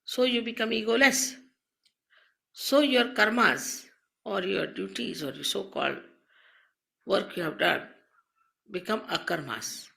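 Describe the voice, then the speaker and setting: Gravelly-voiced woman giving a measured spiritual talk. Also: medium pitch, a bit bright. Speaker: spiritual teacher. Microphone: on a mic.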